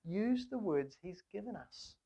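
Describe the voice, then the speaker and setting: A woman's voice: mid-range voice, lively intonation, unhurried, warm tone, breathy edge. A woman preaching a sermon, speaking earnestly with rhetorical questions and emphatic repetition. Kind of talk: sermon on a psalm.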